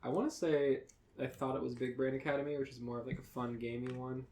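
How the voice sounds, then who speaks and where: A man co-hosting a casual podcast, talking in a dry, understated, low-key way. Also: steady tone, fast talker, a little mellow. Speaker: podcast co-host.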